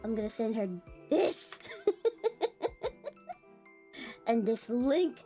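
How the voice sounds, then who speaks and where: A woman streamer chatting casually, giggling often and excitable, played back from a clip. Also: a little high, takes it slowly, faint music behind.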